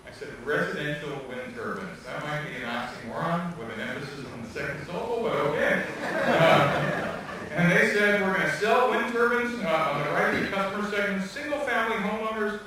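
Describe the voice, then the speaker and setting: A man giving an animated, joking lecture, telling stories and laughing often, recorded from far off in a hall. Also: high voice, brisk, slight background noise. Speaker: guest speaker. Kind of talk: lively lecture storytelling.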